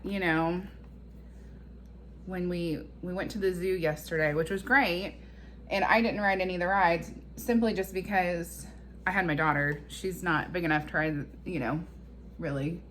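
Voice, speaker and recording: A woman's voice: on the low side, fairly even intonation, moderate pace, a bit bright, a little hiss or hum. A woman and mother talking in a rambling, emotional, confessional way to her vlog audience. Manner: rambling, emotional self-talk. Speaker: vlogger and mother.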